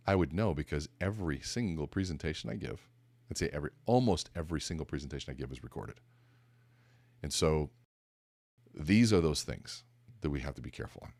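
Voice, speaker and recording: A man hosting a podcast, giving a motivational talk and telling an animated story with acted-out dialogue. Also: low voice, no echo, clean studio sound. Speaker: podcast host.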